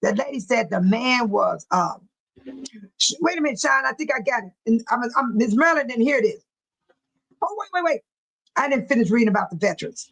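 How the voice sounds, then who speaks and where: A woman's voice: fairly high pitch, expressive, gravelly, a bit bright, slightly rough, rough recording. A middle-aged woman hosting a casual livestream, chatting animatedly with her viewers and reading comments and news aloud. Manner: reads news aloud haltingly.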